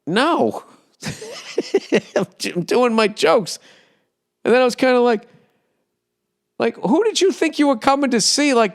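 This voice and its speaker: A man's voice: sits high, clean tone. Male comic, 50s, Boston accent, loose profane podcast rant. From United States. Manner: profane, animated, acts out yells and impressions. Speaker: comedian podcast host. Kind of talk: casual rambling monologue.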